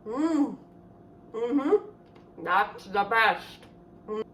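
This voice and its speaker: Unhurried, chatty woman. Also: fairly high pitch, lively intonation, fairly bright tone, a little hiss or hum. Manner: chatty and enthusiastic, thinking aloud. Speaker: cooking channel host. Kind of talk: casual cooking vlog.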